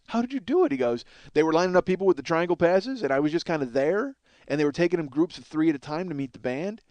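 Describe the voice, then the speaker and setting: In a solo storytelling monologue, a podcast host in his 30s spins a long, meandering tale full of swearing and jokes at his own expense. His voice sits at medium pitch with a slightly mellow quality, and there's no room sound at all.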